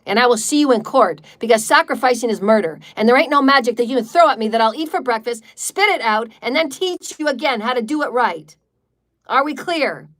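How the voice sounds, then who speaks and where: A woman with a somewhat high voice leads a livestreamed healing meditation. She speaks in defiant, declarative bursts and repeats chant-like lines, swearing freely along the way. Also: animated, a little fast, a bit bright. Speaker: spiritual meditation leader.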